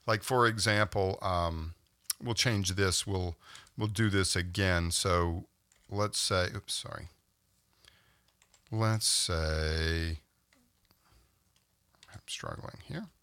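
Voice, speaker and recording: A man teaching a screen-recorded software tutorial, explaining step by step and checking in with "okay?" as he goes. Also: fairly low pitch, no echo, studio quality. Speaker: instructor.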